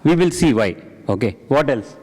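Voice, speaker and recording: A husky, darkish mid-range voice with lively intonation and a moderate pace belongs to a man leading a satsang. He quizzes the hall's audience and restates their replies, and the recording carries a long hall reverb.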